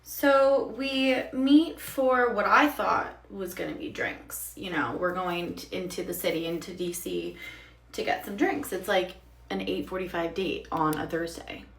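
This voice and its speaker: A candid young woman in her twenties tells a casual storytime, blunt and quick to swear. Her voice bounces around a roomy bathroom, and it sounds like the phone is propped a little way off from her. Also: on the low side. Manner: candid and blunt, swears freely, voices other people's lines. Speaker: storytime creator. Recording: echoey room, mic at a distance.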